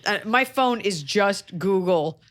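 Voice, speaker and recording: A woman hosting a podcast, chatting casually with wry, deadpan jokes. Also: medium pitch, slow, dry recording. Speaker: comedian podcast host. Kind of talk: casual chat.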